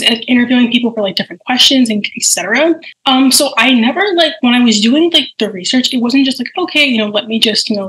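Fast-talking chatty young woman. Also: on the high side, fairly bright tone, low-quality recording. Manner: fast, chatty, many fillers, acts out quotes. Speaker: guest, nail care content creator. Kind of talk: casual podcast chat.

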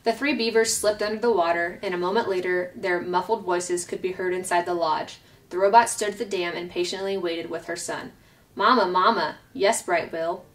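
A woman reading a children's novel aloud at a steady, clear pace. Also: fairly low pitch, brisk. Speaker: storyteller. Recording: voice picked up from a distance.

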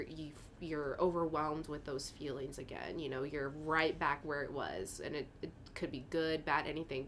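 In a casual interview, a young female guest talks openly and rambles with lots of fillers, getting emotional and sometimes tearing up. Her voice sits low, and the recording carries slight hiss or hum.

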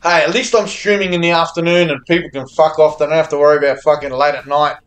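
An Australian man streaming slot games, swearing constantly and cheering loudly at the screen in casual live commentary. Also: a little high, fast talker. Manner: profane, excitable, cheers at the screen. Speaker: slots streamer.

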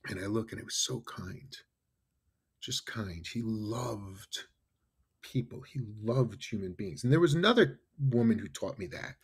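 A man in his fifties from New York, a podcast guest telling animated stories and often adding "right?" and "you know". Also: lowish voice, a little slow, slightly rough. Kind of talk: casual storytelling interview.

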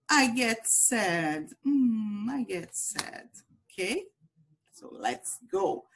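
A woman with a Brazilian Portuguese accent teaches English to small children in a slow, drawn-out sing-song. Her voice is fairly high and slightly husky, swooping up and down as she repeats each phrase. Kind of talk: children's language lesson.

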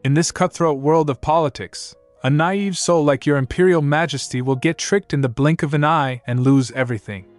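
A man's voice: a little high, normal speed, few pauses, no echo, soft background music, close to an everyday voice. A man voicing a groveling, scheming young king who pleads and pushes. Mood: coaxing. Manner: pleading, whiny, pushy.

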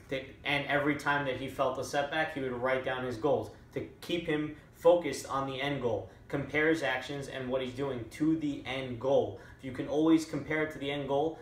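Male presenter with a mid-range voice, casual and halting, in a roomy space. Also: medium pitch, a bit bright. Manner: hesitant, many fillers and restarts. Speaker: book summary presenter. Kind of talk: casual explainer talk. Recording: echoey room, a little far from the mic.

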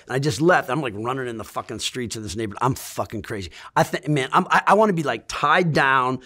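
A middle-aged man in an interview, telling a rambling, profane story in a casual, animated way. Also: medium pitch, a little fast. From Great Lakes region of the US.

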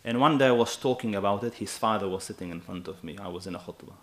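A man in his thirties preaching a sermon in an animated, emphatic way, often checking with his listeners. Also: lowish voice, fast. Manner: animated and emphatic, with asides to the audience.

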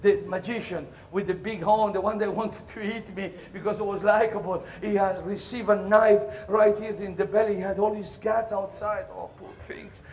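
Male stage performer, comic monologue, high voice, lively acting. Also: normal speed, hardly any pauses, a little hiss or hum. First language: Italian. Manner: animated storytelling, jumps into shouted voices and laughter.

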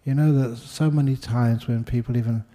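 A man's voice: mid-range voice, fairly even intonation, moderate pace, warm tone. A monk giving a humorous dharma talk, jokey and self-deprecating, laughing at his own jokes. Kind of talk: humorous spoken sermon.

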